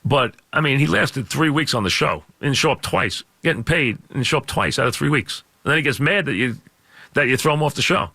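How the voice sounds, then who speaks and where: A middle-aged man with a scratchy voice, hosting a call-in sports radio show and ranting loudly with lots of repetition. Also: medium pitch, lively intonation, a little fast, no room sound. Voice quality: gravelly, scratchy voice. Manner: loud, emphatic, repeats points. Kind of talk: call-in talk radio rant. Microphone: studio microphone.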